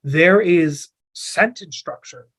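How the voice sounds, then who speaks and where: A man with a fairly high, fairly bright, husky voice speaks slowly as a guest on an interview podcast. He talks casually about his business in a rambling way, packed with filler words. The recording quality is rough.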